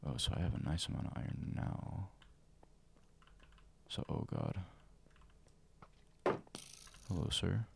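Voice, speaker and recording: A man streaming a survival game as ASMR, whispering and speaking softly into a close mic, now and then flaring up in frustration, with keyboard and mouse clicks behind him. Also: low-pitched, slow, vocal fry, long pauses, husky. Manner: mostly whispered and soft, flaring into loud frustration. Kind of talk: ASMR gameplay livestream commentary.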